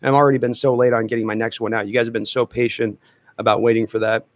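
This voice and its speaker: Brief: male host, casual live-stream chat, thinks out loud, dry close-miked sound. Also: mid-range voice, little pitch movement, fast, dry recording. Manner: chatty, thinks aloud with restarts. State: dry throat. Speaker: podcast host answering chat questions.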